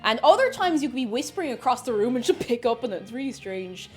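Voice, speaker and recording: A talkative Irish woman chats casually with her viewers while baking, wandering from one thought to the next. Her voice sits a touch high and swings through a wide, animated range, with quiet music playing faintly in the background. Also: fast talker. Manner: chatty, rambling, greets chat viewers. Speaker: live streamer.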